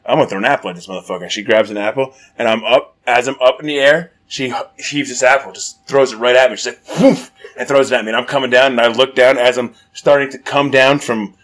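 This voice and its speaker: Man, mid-pitched, rambling storyteller with lots of swearing, casual podcast chat. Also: fairly quick, hardly any pauses. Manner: profane, rambling, animated when acting out moments.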